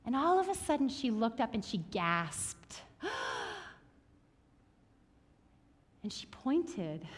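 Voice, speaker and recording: A woman pastor preaching a reflective sermon, sharing stories in a soft, thoughtful way. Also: a little high, big pitch swings, unhurried, hardly any pauses, husky. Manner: reflective, storytelling, soft-spoken at times. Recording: reverberant hall.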